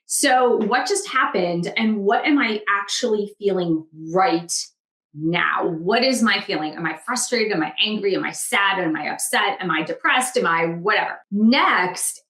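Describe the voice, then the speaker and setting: Woman self-help vlogger, mid pitch, reflective and earnest, echoey room. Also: fairly bright tone. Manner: earnest, reflective, asks herself questions aloud. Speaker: author vlogger. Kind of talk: casual self-help vlog talk. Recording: roomy echo.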